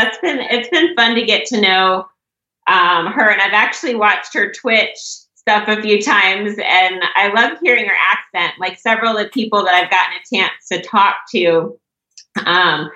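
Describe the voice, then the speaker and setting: A woman's voice: medium pitch, sharp tone. A woman guest chatting casually and enthusiastically in a podcast interview. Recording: echoey, muffled remote call audio.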